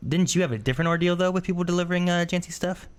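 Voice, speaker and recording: A man's voice: high-pitched, racing, a little hiss or hum. A man co-hosting a podcast, chiming in with quips and memories in casual chat. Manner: chimes in with short quips and memories. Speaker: podcast co-host.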